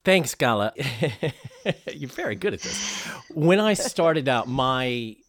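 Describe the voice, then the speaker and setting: A man from Chicago hosting a casual panel chat, halting and emotional, often repeating his words. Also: medium pitch, sing-song, a bit bright. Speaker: host.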